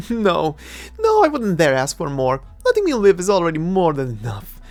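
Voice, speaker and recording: A cocky young adventurer-thief, voiced by a woman with a lowish voice that swings widely as she teases and mocks. Her playful, mocking delivery fits a fan-made audio drama, with faint music underneath. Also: wildly swooping pitch, moderate pace, a little mellow. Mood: teasing. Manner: playful, mocking, laughs often.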